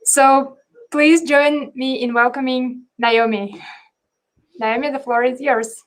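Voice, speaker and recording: Woman host, high voice, formal and deliberate live-stream introduction. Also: steady tone. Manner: deliberate, formal announcing with hesitations.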